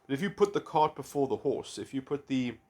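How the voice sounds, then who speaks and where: Halting, rambling man musing aloud. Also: mid-range voice, lively intonation, warm tone. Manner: halting, full of restarts and "you know". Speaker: video essayist. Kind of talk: rambling philosophical monologue.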